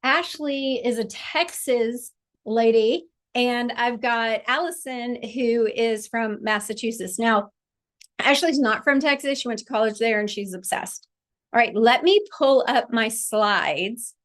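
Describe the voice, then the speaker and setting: A woman's voice: on the high side, a little slow. A middle-aged woman, a childbirth educator, teaching a live online class in a chatty, encouraging way over a video call.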